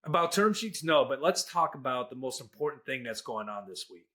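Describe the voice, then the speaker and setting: A man's voice: mid-range voice, sing-song, a little fast, sharp tone. A middle-aged man with a Midwestern accent, co-hosting a casual podcast chat in a jokey, folksy storytelling way. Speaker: podcast co-host, lender.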